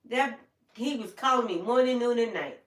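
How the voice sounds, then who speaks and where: With a high-leaning, somewhat bright voice at a moderate pace, this older woman recounts her life story on her livestream in plain, heartfelt, repetitive terms. The mic is distant and the room echoes.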